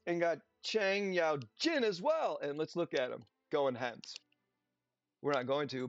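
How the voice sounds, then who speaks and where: A man's voice: a little high, expressive, unhurried. A man giving casual, chatty gameplay commentary, sarcastic and slipping into playful silly voices. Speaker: game streamer. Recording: dull lo-fi audio with music. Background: faint background music.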